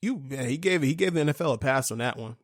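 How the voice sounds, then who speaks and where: A man's voice: mid-range voice, animated, fast talker, dry recording, studio quality. A young man hosting a casual sports podcast, talking in a fired-up, profane rant full of fillers. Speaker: podcast host.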